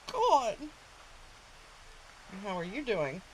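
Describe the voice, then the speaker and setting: A woman's voice: medium pitch, bright, forceful tone, a little hiss or hum. A middle-aged woman hosting a livestream in casual chat, flustered and swearing, laughing through her setbacks. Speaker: livestream host.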